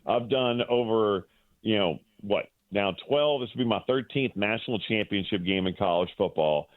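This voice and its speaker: Phoning in as a sports broadcaster guest on a casual radio interview, a man tells an emotional story, rambling and restarting again and again. His lowish voice moves at a moderate pace over a dry, tinny phone line with no room sound.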